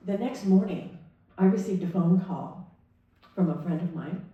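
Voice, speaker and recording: A woman minister speaks in a lowish, mellow, unhurried voice as she gives a sermon in a church sanctuary. She tells a personal story in a conversational manner and acts out the dialogue, heard from a distance in an echoey room.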